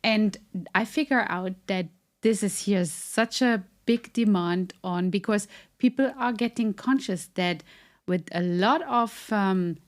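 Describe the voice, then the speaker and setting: A woman hosting an interview, speaking as a with many fillers and pauses. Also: mid-range voice. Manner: hesitant, many fillers, nonnative phrasing. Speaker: interview host, communication trainer. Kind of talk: podcast interview.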